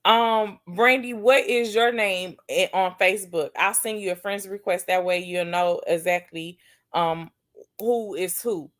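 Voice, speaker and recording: A woman hosting a casual livestream, chatting warmly and answering viewers' comments one by one. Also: mid-range voice, steady tone, measured pace. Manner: affectionate, calls viewers baby and sis. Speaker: livestream host.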